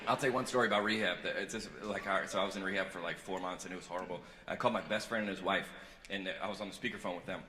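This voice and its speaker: A man doing a stand-up comedy set on stage, rambling and self-deprecating, swinging from earnest confession to loud joking. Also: low-pitched, very fast. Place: large theater on stage. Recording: echoey live hall recording with crowd noise.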